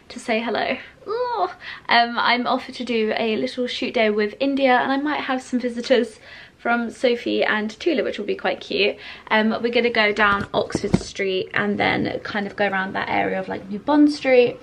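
A young woman talks through her day in a casual home vlog. Her voice sits fairly high, and she sounds bubbly and effusive, laughing often between thoughts. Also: gravelly, a little hiss or hum. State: out of breath. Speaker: lifestyle vlogger.

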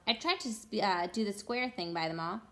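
A woman's voice: mid-range voice, brisk, sharp tone, close to an everyday voice. A woman voicing a humble working-class cab driver in a storybook read-aloud, talking in a plain, deferential, folksy way.

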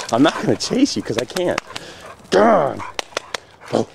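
A man chatters playfully at his dogs in a backyard, his gravelly voice swinging up and down as he teases and cheers them on. He talks slowly, and the home camcorder audio is noisy, with the dogs heard playing nearby. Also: mid-range voice, wildly swooping pitch. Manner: playful, eggs the dogs on with teasing shouts. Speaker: dog owner filming his pets. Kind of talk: casual home video chatter. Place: backyard outdoors. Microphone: handheld camcorder.

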